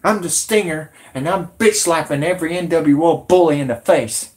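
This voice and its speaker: A man putting on the voice of a theatrical wrestler taunting his rivals in a slow sing-song. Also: fairly high pitch, a little mellow, natural voice.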